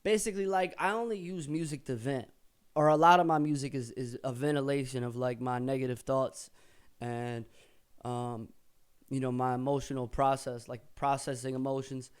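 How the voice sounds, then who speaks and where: In a smooth, medium-pitched voice with fairly even intonation and normal speed, a man explains his own rap lyrics. He is older than he was, and his casual, profane explanation, dotted with rapped excerpts, has him thinking aloud and correcting himself.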